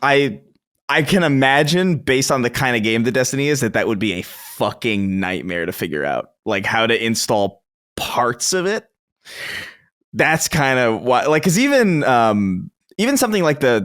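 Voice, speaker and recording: A man with a medium-pitched voice talks casually as a podcast co-host. He speaks animatedly, laughs often and swears offhandedly. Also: a bit bright. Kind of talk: casual chat.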